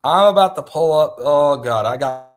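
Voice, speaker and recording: A man's voice: on the high side, expressive, moderate pace. A man hosting a livestream, ranting agitatedly about a feud, with frequent restarts. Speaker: livestream host. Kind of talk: livestream commentary.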